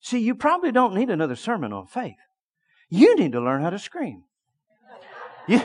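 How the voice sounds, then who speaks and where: A middle-aged male preacher telling a story in a sermon, dropping to a hush and then shouting. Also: sits high, moderate pace, pauses often. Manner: lively storytelling that swings from hushed to shouting.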